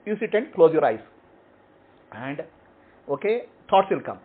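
A man's voice: on the high side, sing-song, a little slow, husky. A man teaching and answering questions, explaining in short repeated phrases and checking in with "okay?". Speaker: spiritual teacher. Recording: tinny phone-like audio.

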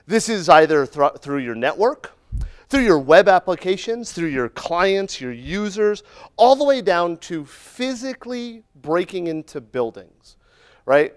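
A man's voice: high-pitched, sing-song, a little slow, clean tone. A middle-aged man giving a humorous, conversational conference talk in a conference room, often tagging his sentences with "right?". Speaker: conference speaker.

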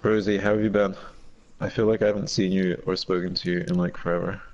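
A man from Canada chatting casually with friends while gaming, excitable and swearing a lot. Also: low-pitched, quick pace, dull audio. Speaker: gamer.

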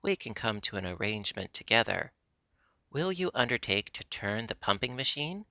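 A blunt, scoffing older gardener, as a man reading a storybook puts him on. The voice is low and gravelly, with a bright, forceful edge. It sounds dry and close. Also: very animated, normal speed, no echo, heavily acted. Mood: businesslike. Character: gruff mocking older male gardener.

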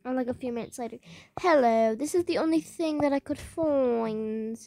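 A woman's voice: sits high, normal speed, vocal fry, darkish tone. A woman casually chatting over game voice chat while playing a restaurant server, playful and chatty with the other players. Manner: chatty, playful, serving guests in a pretend restaurant. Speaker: game channel host. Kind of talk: casual voice-chat role-play.

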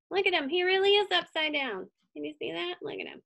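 A woman reading a picture book aloud to children, animated and stopping to ask them questions. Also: very high-pitched, a little fast, vocal fry, few pauses. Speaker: children's story reader.

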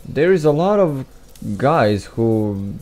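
In a slow, sing-song, mid-range voice that's a little mellow, a young man gives laid-back commentary while he plays. He mumbles, keeps starting sentences over, drifts into asides, and talks himself down. Game music hums faintly in the background.

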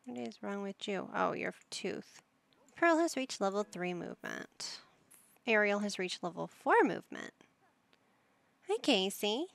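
A woman narrates her game in a relaxed, unhurried way, talking to her little characters like a playful mom. Her voice carries a gravelly fry, and the close mic sounds dry with no room around it. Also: mid-range voice, dry recording. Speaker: gaming YouTuber. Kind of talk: casual gameplay commentary.

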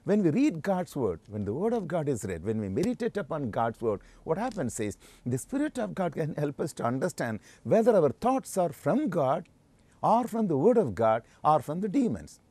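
A man preaching a sermon, earnest and emphatic, stressing phrases slowly and repeating them for weight. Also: fairly high pitch, big pitch swings, a little mellow, no room sound.

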